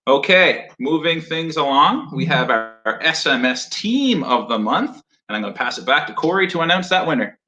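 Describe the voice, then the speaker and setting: Brief: man host, slightly high, bright forceful tone, jokey award-show patter on a video call. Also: big pitch swings, moderate pace, hardly any pauses, muffled recording, faint music behind. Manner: jokey, upbeat, loose with fillers. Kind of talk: casual virtual award show.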